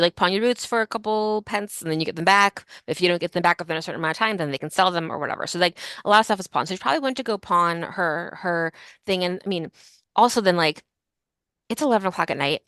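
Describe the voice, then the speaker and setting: A woman's voice: fairly low pitch, expressive, fast, a bit bright, clean tone, no echo, clean studio sound. A woman hosting a casual history podcast, telling a story in a chatty way full of fillers like "like" and "um". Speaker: podcast host.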